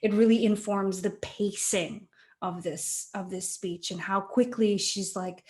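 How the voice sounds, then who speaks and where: A young adult woman, a guest actor, chatting in a webinar about her process, thoughtful and halting with many fillers and restarts, heard over a video call. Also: medium pitch, fairly even intonation, a little mellow. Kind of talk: casual webinar chat.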